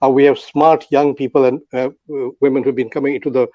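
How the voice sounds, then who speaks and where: A man's voice: mid-range voice, little pitch movement, fast, dry recording, lo-fi sound. An older man from Bangladesh speaking as a panel guest, talking off the cuff with many fillers and restarts. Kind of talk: unscripted commentary on an online audio panel.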